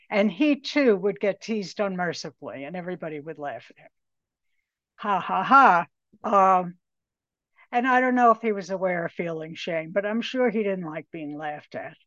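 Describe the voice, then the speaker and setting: A woman in her late seventies giving a personal recovery testimony, reflective and pausing often. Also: medium pitch, dry recording, lo-fi sound. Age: 70s. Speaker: recovery meeting speaker.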